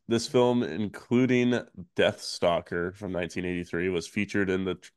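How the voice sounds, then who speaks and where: Low-voiced man hosting a casual chat. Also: smooth, no echo, studio quality. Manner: laid-back, rambling with fillers and soft laughs. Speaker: podcast host.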